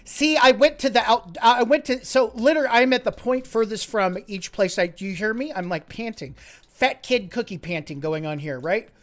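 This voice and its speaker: A man's voice: extremely high pitch, normal speed. Rambling, swearing male streamer host. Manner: rambling, joking and swearing, drifting between mutters and loud bursts. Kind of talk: casual live-stream chat.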